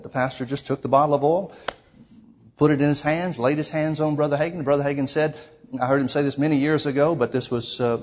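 A man's voice: medium pitch, darkish tone. A man preaching, retelling a story in a sermon with many quoted lines and frequent restarts.

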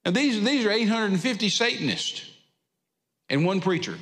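Preacher guy, high bright voice, folksy storytelling, big echoey hall. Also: sing-song, normal speed. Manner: folksy storytelling with drawled asides. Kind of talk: sermon.

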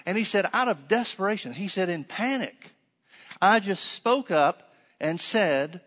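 A man's voice: sits high, animated, unhurried, fairly bright tone, big-room sound. A man preaching a conversational sermon, telling a story with many fillers and restarts.

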